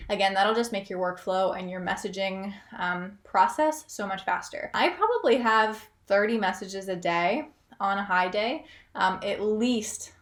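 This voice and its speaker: A woman's voice: mid-range voice, unhurried. Chatty young woman in an echoey room. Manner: chatty, upbeat, self-aware asides. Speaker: freelance writer vlogger. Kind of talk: casual tutorial vlog.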